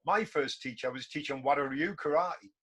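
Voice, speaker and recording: Against a noisy background, a man in his fifties from North East England talks at normal speed in a slightly high voice. He hosts a podcast, running a casual interview as a chatty storyteller who often repeats himself.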